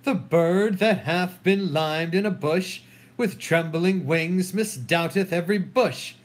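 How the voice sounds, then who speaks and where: A man reading a sorrowful deposed king. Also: high-pitched. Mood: mournful. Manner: mournful, measured verse. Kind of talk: solo dramatic reading of a play.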